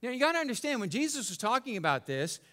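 A male pastor preaching a sermon in an animated, conversational way, joking and checking in with the congregation. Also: very high voice, quick pace.

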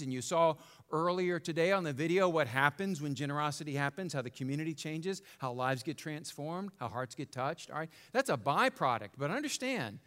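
A male pastor preaching a sermon in an animated, conversational way, joking and checking in with the congregation. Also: on the high side.

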